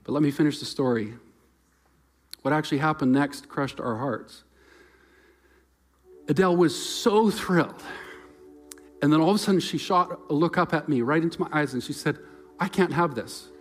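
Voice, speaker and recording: Earnest pastor man, loud to hushed. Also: fairly high pitch, normal speed, long pauses, soft background music. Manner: earnest, swings from loud emphasis to near-whispered softness. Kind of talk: sermon.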